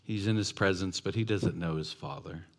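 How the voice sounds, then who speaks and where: A man's voice: sits low, normal speed. A man preaching a sermon who acts out the voices and asks his congregation questions. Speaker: pastor.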